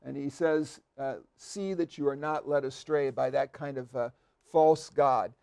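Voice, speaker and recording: Slow, gravelly man teaching scripture. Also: mid-range voice, dark tone. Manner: halting, many fillers and restarts, stresses key words. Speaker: seminary professor. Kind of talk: slow unscripted Bible commentary. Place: podcast studio.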